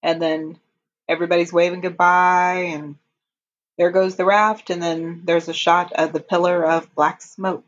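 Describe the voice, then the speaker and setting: A woman casually recapping a TV episode for a podcast, retelling the plot in an unhurried way with frequent ums. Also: fairly low pitch, level tone. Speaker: podcast co-host. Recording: dull lo-fi audio.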